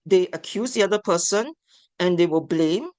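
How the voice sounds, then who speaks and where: A woman giving an instructional talk on family therapy, measured and deliberate. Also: on the low side, a little mellow, dry recording. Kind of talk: instructional lecture.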